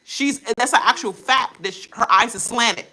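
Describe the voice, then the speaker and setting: A woman hosting a reaction channel, ranting in a casual, animated way and mimicking people in quoted voices. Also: on the high side, moderate pace.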